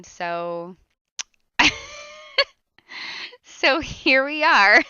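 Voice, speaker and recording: A woman's voice: mid-range voice, pushed and bright, clear, resonant tone, no room sound. A young woman doing a casual makeup tutorial voiceover while sick. She sounds a little nasal and rambles with fillers and giggles. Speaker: beauty vlogger. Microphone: close voiceover mic.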